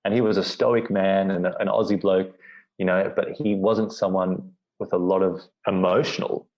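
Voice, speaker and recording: A man's voice: deep voice, level tone, moderate pace, darkish tone. A man being interviewed on a podcast, telling a personal story in a rambling way, full of "you know" and restarts. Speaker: podcast guest. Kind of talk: reflective storytelling. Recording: dull lo-fi audio.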